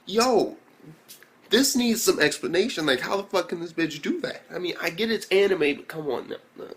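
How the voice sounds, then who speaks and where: Excitable young man ranting casually. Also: high-pitched, moderate pace. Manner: excitable, slangy, heavy swearing. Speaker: anime reviewer. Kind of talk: casual video review.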